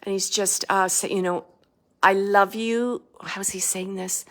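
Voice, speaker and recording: Woman, medium, relaying spirit messages, halting delivery, soft and searching. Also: mid-range voice, fairly even intonation. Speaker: psychic medium. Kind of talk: channeling messages for a sitter.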